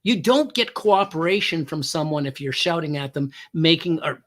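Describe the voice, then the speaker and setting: Man, former police negotiator, storytelling guest, slightly high voice, emphatic lively delivery, hesitant fillers. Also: moderate pace. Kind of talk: storytelling anecdote.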